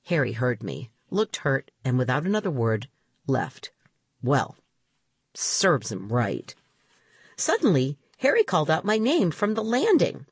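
A woman reads a children's story aloud in the first person with a husky, lowish voice. Her pitch swings widely as she brings the scenes to life. The recording is dry and close. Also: measured pace, no echo. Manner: animated, expressive reading. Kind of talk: storybook narration.

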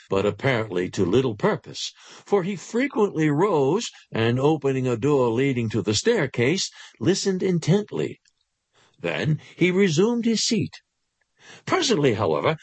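A man narrating a literary short story aloud in an expressive storytelling manner. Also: mid-range voice, slightly rough, no echo.

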